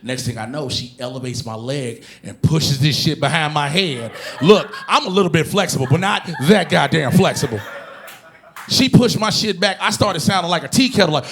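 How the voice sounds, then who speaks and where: A man performing a stand-up comedy routine on stage, telling animated, profane stories and bursting into shouted impressions. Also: fairly high pitch, normal speed, a little hiss or hum. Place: comedy stage before a live audience.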